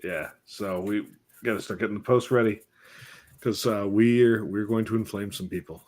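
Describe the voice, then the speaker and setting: A man's voice: fairly low pitch, moderate pace, a little mellow. A man co-hosting a livestream, dropping dry, wry remarks in casual chat. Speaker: co-host. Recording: clear background noise with clicks.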